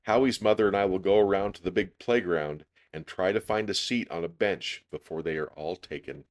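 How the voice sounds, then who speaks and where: A man voicing a brisk, matter-of-fact mother in a storybook reading. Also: low voice, close to an everyday voice. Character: busy mother of a little girl.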